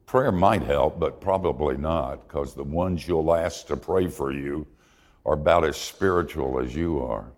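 A man's voice: extremely low pitch, unhurried, big-room sound. A man preaching a sermon in a folksy, humorous and confessional way, telling stories from his own life. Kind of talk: sermon with storytelling.

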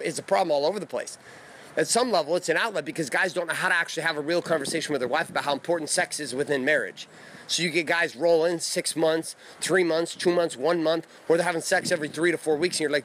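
A man in his thirties delivers a loose, blunt monologue full of profanity. His voice sits a little high for a man. He talks casually, as if recording in his backyard. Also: fairly bright tone, slight background noise. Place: backyard outdoors.

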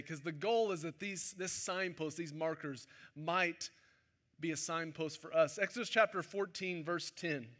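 A man with a high, ringing voice preaches a sermon during a church service. His delivery stays bright and forward, and he speaks like he is chatting and joking with the congregation. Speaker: pastor.

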